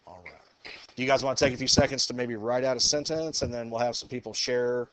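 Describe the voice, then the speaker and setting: A man's voice: medium pitch, fairly quick, no room sound. A male math teacher lecturing a class, upbeat and encouraging as he works through problems aloud.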